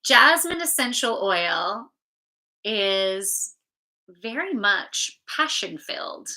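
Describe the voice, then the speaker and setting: Chatty woman doing a live card reading, bright voice, slow and easygoing, casual swearing. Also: mid-range voice, sing-song, low-quality recording. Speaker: spiritual card reader and channeler.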